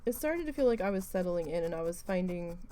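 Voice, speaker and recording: A woman vlogger chatting casually while needle felting, animated and swearing freely as she tells a story. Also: fairly low pitch, fast talker, slight background noise, low-quality recording. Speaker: craft vlogger.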